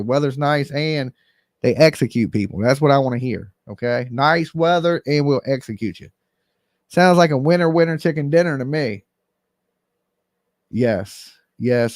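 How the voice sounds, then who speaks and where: Gravelly, blunt man ranting. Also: a little high, a little mellow, no echo, clean studio sound. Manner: blunt, emphatic and fired up, talks straight to viewers. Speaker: host of a live call-in commentary show. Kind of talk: casual livestream commentary.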